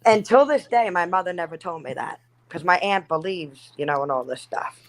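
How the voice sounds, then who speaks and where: A woman in casual conversation, telling a haunting story in an animated, profane way and acting out what people said. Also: fairly low pitch, moderate pace, rough recording. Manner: animated, profane, acts out quoted lines. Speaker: guest.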